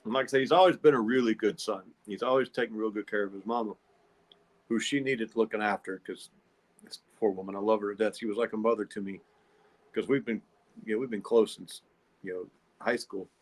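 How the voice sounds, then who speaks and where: A man's voice: fairly low pitch, steady tone, fairly quick. A man telling a long, rambling story in a casual podcast monologue. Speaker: podcast host.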